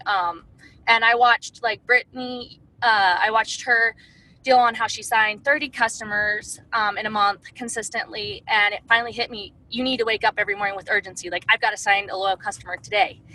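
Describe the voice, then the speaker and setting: A direct sales distributor talks casually about her sales methods, chatty and packing her speech with "like" and "um." Her voice is a little high with a sharp tone, and the audio is poor.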